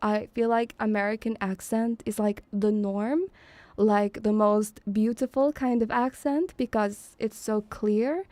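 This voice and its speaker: A woman's voice: mid-range voice, steady tone, a little slow, warm tone, no echo. A young woman from Eastern Europe streaming in a bubbly, teasing manner, giggling often and calling her viewers darling. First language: an Eastern European language. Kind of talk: casual live-stream chat.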